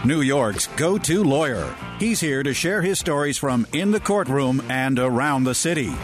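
Male radio announcer, polished scripted intro, soft music bed behind. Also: on the high side. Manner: polished, promotional. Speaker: show announcer.

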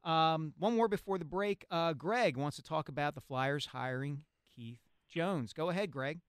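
A man hosting a sports talk radio show, articulate and brisk, on a studio microphone. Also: fairly high pitch, clean tone, dry recording.

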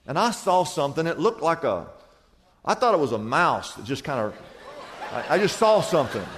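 A male pastor with a high voice delivers an animated sermon, rising loud and dropping to a hush as he tells his stories. His voice rings with a long reverb, as if from a large church hall. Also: moderate pace. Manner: animated storytelling with wide swings in pitch and volume.

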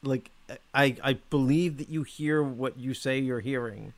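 A man co-hosting a casual film podcast, speaking haltingly with many restarts. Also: medium pitch. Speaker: podcast co-host. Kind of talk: casual movie review chat.

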